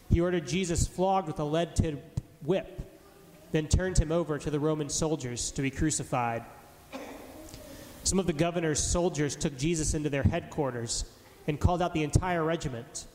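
Guy reading scripture, kinda high voice, long hall echo and a bit of hiss. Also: a little mellow. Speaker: scripture reader. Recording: echoey hall with faint noise.

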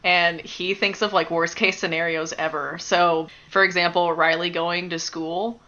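A woman's voice: on the low side, flat delivery, measured pace, sharp tone, highs cut off. A young adult woman in a casual chat, giggling as she retells scenes and acts out little quotes. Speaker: podcast co-host.

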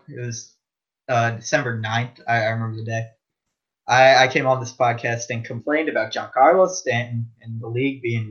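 A young man co-hosting a podcast, talking sports bluntly and quick to disagree, with stammered restarts. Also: medium pitch, a bit bright. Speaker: podcast co-host. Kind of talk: casual sports chat. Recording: dull lo-fi audio.

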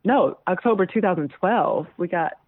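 A woman's voice: on the low side, animated, moderate pace, dry recording. A woman in her thirties, an interview guest telling stories in a chatty way and laughing often. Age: 30s. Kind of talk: casual interview chat. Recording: tinny phone-like dry line.

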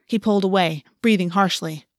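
A woman narrating a work of fiction in an audiobook reading, measured and slowing on the emotional beats. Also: medium pitch, no room sound, clean studio sound.

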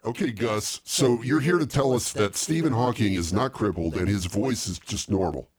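A man's voice: lowish voice, moderate pace, a crowd in the background. A man co-hosting a comedy podcast, laughing often and trying to keep the talk on track. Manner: laughing, placating. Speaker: co-host. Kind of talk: casual comedy podcast banter.

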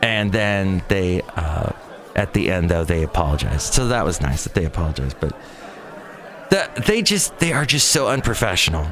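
A man's voice: deep voice, animated, fairly quick, a bit bright. A man hosting a show, chatting casually and telling a story with mocking asides. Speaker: host. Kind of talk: casual chat.

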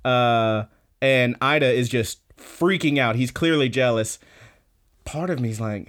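A man's voice: mid-range voice, unhurried, fairly bright tone. A man hosting a podcast, recapping an episode in a casual, rambling way with lots of fillers and restarts. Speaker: podcast host.

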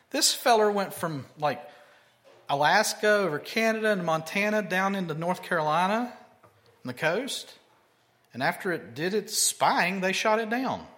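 High, animated preacher. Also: male voice. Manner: conversational, emphatic, rhetorical questions to the congregation. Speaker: pastor. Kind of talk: sermon.

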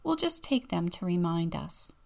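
A woman's voice: on the low side, big pitch swings, normal speed, gravelly. A woman doing a sensible big brother. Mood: reassuring.

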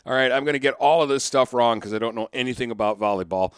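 A man co-hosting a casual sports podcast, relaxed as he reads off game stats. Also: medium pitch, fast talker, smooth, no echo, clean studio sound. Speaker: podcast co-host.

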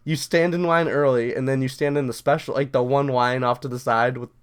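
A man's voice: medium pitch, fairly quick, clean tone. Swearing young man telling a story. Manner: animated, swears constantly, says "dude" a lot. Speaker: podcast co-host. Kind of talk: casual storytelling chat.

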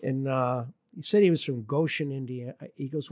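With hardly any pauses and at normal speed, a Detroit musician tells animated stories as an interview guest. Quoted lines send his voice swinging up high, and the clean studio recording has no room sound.

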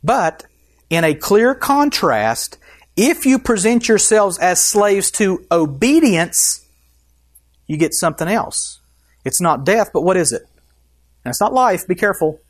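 A man's voice: sits high, big pitch swings, measured pace. A man preaching a sermon as pastor, emphatic and putting questions to the congregation.

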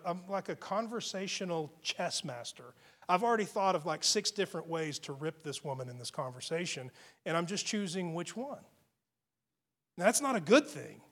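A man's voice: fairly high pitch, fairly bright tone. A man preaching a sermon as a pastor, telling a story in a conversational way and often restarting his phrases.

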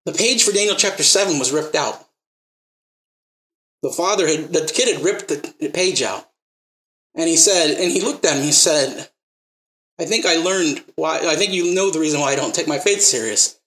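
A man's voice: a little high, normal speed, a bit bright, roomy sound, low-quality recording. A man preaching a sermon, telling stories and acting out the quotes, then pressing the listeners with emphatic rising questions.

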